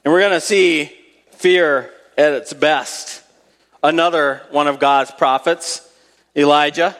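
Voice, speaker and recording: Slow-speaking preacher in a reverberant hall. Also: male voice, fairly high pitch, fairly bright tone. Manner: storytelling, conversational, with dramatic emphasis on scripture. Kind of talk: sermon with scripture reading.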